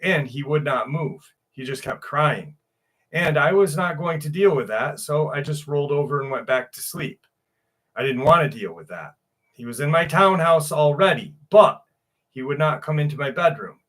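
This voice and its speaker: A man chats loosely on a livestream, tossing off crude jokes and greeting viewers by name. His voice sits a little high and sounds bright and forward. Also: animated, moderate pace. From New York. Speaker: livestream host. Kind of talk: casual livestream chat.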